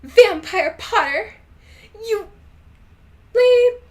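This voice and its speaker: A hot-tempered goth teenage girl shouts in a high, shrill, furious voice, put on by a woman reading a story aloud. Her yells come loud and sharp. The voice sits far above the reader's own. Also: huge pitch swings, slow pace, lo-fi sound, exaggerated voice.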